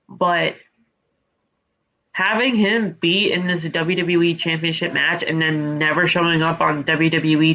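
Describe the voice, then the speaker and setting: High bright guy swearing his way through a wrestling recap, kinda lo-fi sound. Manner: profane, animated play-by-play recapping. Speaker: podcast co-host. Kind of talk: casual wrestling recap chat.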